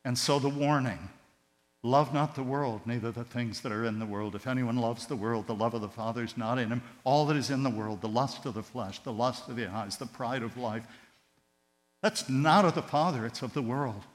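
A man preaching a sermon with passion, his voice surging loud on key words and then dropping to a hush. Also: mid-range voice, moderate pace. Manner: impassioned, swinging between loud emphatic rises and hushed tender drops. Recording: long hall reverb with mains hum.

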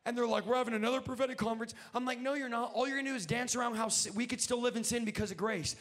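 High-voiced young male evangelist. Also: steady tone, quick pace. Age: 20s. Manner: swings from quiet joking asides to shouted preaching. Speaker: evangelist preacher. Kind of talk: sermon.

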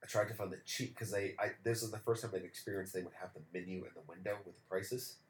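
This podcast co-host talks fast in a low-pitched voice, an animated storyteller who swears freely during casual chat. Faint background noise and room echo are audible.

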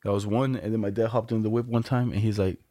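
A man's voice: fairly low pitch, fairly even intonation, fast talker, dark tone, no echo, studio quality. A man co-hosting a podcast, telling stories in loose, slangy, profane casual chat. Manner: laid-back slangy storytelling, lots of profanity. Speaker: podcast co-host.

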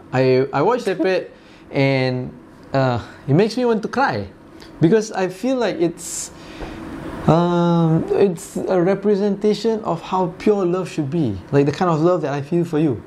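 A man's voice: fairly high pitch, expressive, moderate pace, a little mellow. Rambling Malaysian man in his forties. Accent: Malaysian English. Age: 40s. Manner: rambling, laughs often, trails off with fillers. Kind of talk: casual chat.

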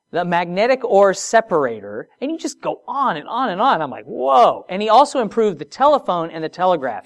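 Here a preacher with a mid-range voice preaches, easing between quiet, drawn-out wording and emphatic surges, with conversational interjections and rhetorical questions along the way.

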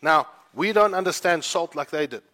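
A male pastor preaching in a fervent, chatty way. His voice sits a bit high and rings bright and forceful. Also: expressive, normal speed. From South Africa. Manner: fervent, conversational storytelling. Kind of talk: sermon.

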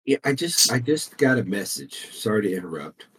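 A man's voice: lowish voice, sing-song, normal speed, a bit bright. A man, co-hosting a casual comedy chat and relaxedly reading out odd news items. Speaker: podcast co-host.

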